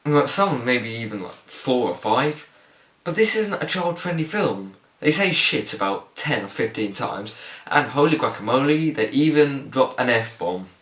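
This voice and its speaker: Young guy doing a snarky movie review rant, mid-pitched, roomy echo. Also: a bit bright. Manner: blunt, sarcastic, exasperated ranting. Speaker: film reviewer. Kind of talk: casual film review monologue. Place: bedroom.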